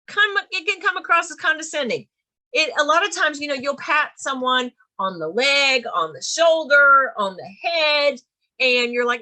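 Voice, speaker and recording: A woman's voice: sits high, animated, moderate pace, sharp tone. A woman with a Southern US accent teaching a real estate continuing-education class. She stresses her points emphatically and often repeats them. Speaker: real estate course instructor.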